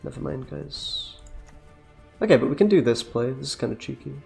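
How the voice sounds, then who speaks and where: A man's voice: medium pitch, lively intonation, normal speed, gravelly, darkish tone, soft background music. A man giving casual, jokey commentary while playing a card game, laid-back and slangy, laughing often.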